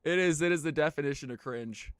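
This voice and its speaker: Bright, smooth-voiced male streamer. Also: a little high, fast talker, no room sound, clean studio sound. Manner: playful, joking, laughs often, turns hype when casting. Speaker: streamer and game shoutcaster. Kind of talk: live stream chat and esports play-by-play.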